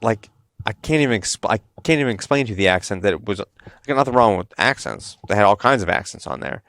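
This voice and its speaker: A man with a fairly low voice chats on his podcast. He tells a long, animated story and keeps restarting his sentences. The sound is close and dry. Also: fast, no echo. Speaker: podcast host. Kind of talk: casual chat.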